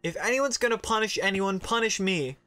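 A man's voice: high voice, fairly quick, pushed and bright, soft background music, pitched above the performer's own voice. A man voicing a loyal young mafia henchman, earnest and apologetic, in close to his own voice. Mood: pleading.

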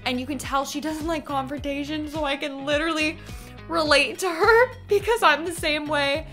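A young woman hosting a casual reaction video, chatty and expressive, easily moved. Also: sits high, normal speed, soft background music.

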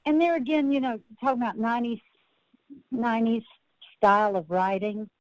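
A woman's voice: on the high side, normal speed, smooth, dry recording, dull audio. A woman country singer-songwriter, a podcast guest, telling rambling, self-interrupting stories and laughing at her own tales.

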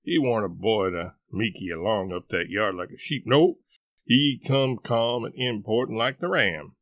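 A man reading a novel aloud, telling it in a folksy dialect with lively storytelling. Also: on the low side, unhurried, dry recording. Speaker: audiobook reader. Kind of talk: scripted narration of a novel.

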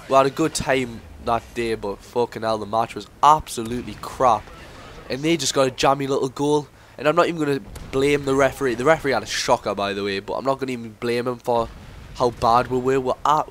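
A man's voice: mid-range voice, fairly bright tone, a little hiss or hum. A teenage boy, giving casual game commentary that rambles into sweary rants. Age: teens. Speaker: gameplay commentator.

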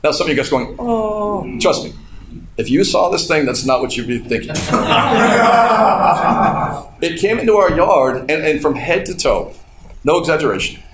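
Pastor, male, slightly high voice, animated storytelling sermon, roomy hall with faint noise. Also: moderate pace, long pauses. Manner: storytelling with laughter and acted-out quotes. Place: church hall. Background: congregation responding.

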